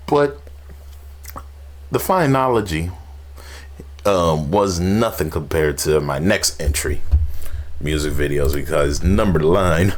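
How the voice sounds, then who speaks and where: A man hosting a casual music reaction, animated, laughing and humming beats between his comments. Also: a bass voice, takes it slowly, long pauses. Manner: animated, laughs often, hums beats and sings along. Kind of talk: casual music review chat.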